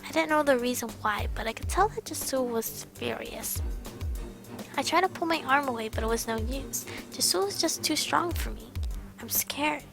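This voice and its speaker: A woman reading first-person visual novel narration aloud in a soft, near-whispered way. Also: high-pitched, expressive, moderate pace, creaky, music in the background. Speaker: let's play streamer.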